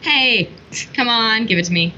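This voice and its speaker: A woman in casual chat, animated and exclamatory, cursing freely. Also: fairly high pitch, moderate pace. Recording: dull recording with faint hiss.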